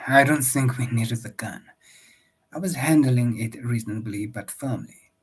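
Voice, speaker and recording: A man's voice: medium pitch, a little slow, breathy edge. A man voicing a stiff, indignant Victorian settler husband who makes pompous demands.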